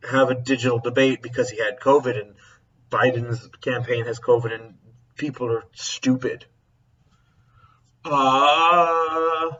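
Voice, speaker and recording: A man's voice: mid-range voice, a bit bright, far from the mic, highs cut off. A man who works as a teacher, chatting casually to camera, rambling and often breaking off to correct himself. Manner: rambling, self-interrupting, chuckling. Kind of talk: casual vlog chat.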